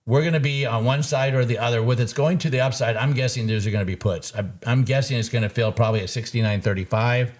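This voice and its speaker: A man's voice: mid-range voice, fast talker, few pauses. A man hosting a live market recap, talking casually, laughing easily and throwing in folksy sayings. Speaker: trader and show host.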